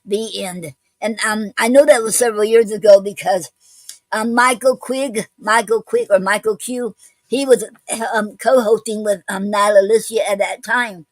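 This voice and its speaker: A woman's voice: mid-range voice, steady tone, normal speed, dry recording, rough recording. A woman hosting a poetry show, reading poems aloud and chatting between them with many hesitant fillers and restarts.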